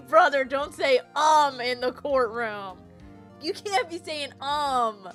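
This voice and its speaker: Bright, lively woman streamer laughing. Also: high voice, slow pace, faint music behind. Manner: laughs constantly, animated reactions. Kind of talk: casual game-stream commentary.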